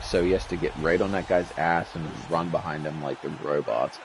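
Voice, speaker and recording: A man's voice: very deep voice, fairly quick, faint music behind. A young man giving casual, rambling commentary over a football game he set up, frustrated and swearing freely. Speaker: league commissioner playing a football game.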